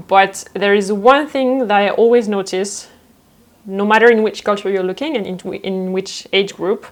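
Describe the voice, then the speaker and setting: A young woman from France, who speaks French as her first language, talks through viewer questions in a casual vlog. She is playful and quick to laugh. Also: mid-range voice. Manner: lively, laughs often, playful. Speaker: fashion designer and vlogger.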